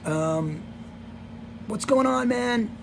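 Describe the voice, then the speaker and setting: A man playing an excitable young male rock drummer who calls everyone dude, his voice jumping well above his own. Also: very high-pitched, extremely slow, vocal fry, noisy background, voice pushed up, full character voice. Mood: hyped.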